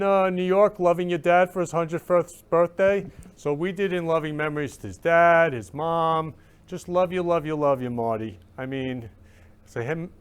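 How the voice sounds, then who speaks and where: A man's voice: on the high side, smooth. Effusive man gushing "love you" repeatedly. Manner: emotional, gushing. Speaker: host. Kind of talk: live-stream talk show chat.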